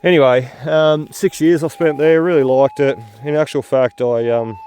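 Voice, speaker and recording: A tired man hosting a metal detecting video, talking in a halting, rambling way full of fillers while he searches outdoors. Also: on the high side, fairly even intonation, a little mellow, clear, resonant tone. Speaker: metal detecting channel host. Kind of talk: rambling casual vlog talk while detecting.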